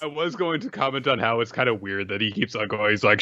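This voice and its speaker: A man co-hosting a podcast in casual chat, joking with a deadpan delivery. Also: medium pitch, quick pace, few pauses, dull audio. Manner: joking, deadpan mock voices. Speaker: podcast co-host.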